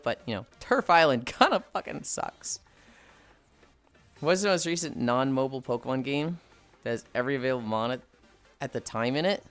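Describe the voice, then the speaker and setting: In a dry recording, a livestreamer with a mid-range, fairly bright voice casually reads and answers viewer chat, swearing freely through playful rants.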